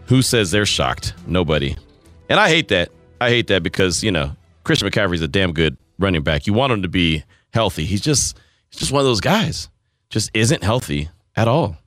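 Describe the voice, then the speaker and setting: Man in his forties, sports radio host, lively pitch, bright tone, dry studio sound. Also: dry recording. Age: 40s. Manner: animated, chatty, laughs and acts out quotes.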